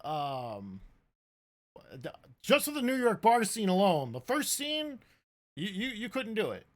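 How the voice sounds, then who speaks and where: Thirties male co-host; high, animated delivery, loose and joking. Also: measured pace. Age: 30s. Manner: loose and joking, says "bro" a lot. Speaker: podcast co-host. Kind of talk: casual podcast chat.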